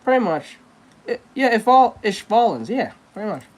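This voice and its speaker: A woman's voice: mid-range voice, sing-song, normal speed. A woman artist chatting casually while she draws, rambling and blunt with plenty of swearing. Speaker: artist streamer. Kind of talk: casual chat while drawing.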